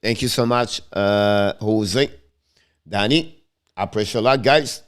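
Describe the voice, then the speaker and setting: A man with a French accent doing live-stream hockey play-by-play, rattling off each pass and player in quick, broken English. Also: fairly low pitch, clean tone. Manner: rapid running commentary in broken English, names each pass. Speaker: play-by-play commentator and stream host.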